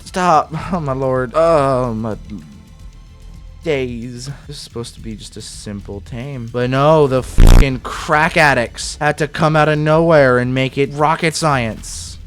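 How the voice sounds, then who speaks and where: A man's voice: medium pitch, takes it slowly, music in the background. Exasperated cursing young man gaming. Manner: exasperated, profane, talking to in-game animals. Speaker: gaming video creator. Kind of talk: casual gameplay commentary and narration.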